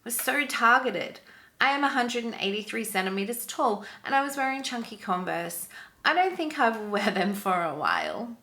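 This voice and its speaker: A woman hosting a channel, reading an online story aloud with expressive, sympathetic commentary. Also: a little high, moderate pace. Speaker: story narrator and channel host.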